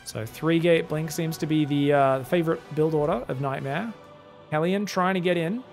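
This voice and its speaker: A man's voice: a little high, moderate pace, faint music behind. A man with an Australian accent doing solo esports commentary, chatty and joking with teasing asides. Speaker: esports caster.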